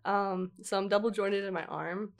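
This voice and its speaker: A woman's voice: mid-range voice, steady tone, normal speed, vocal fry. A young woman, a guest in a casual podcast chat, talking in a rambling way with many fillers. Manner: chatty, lots of likes and ums, giggly.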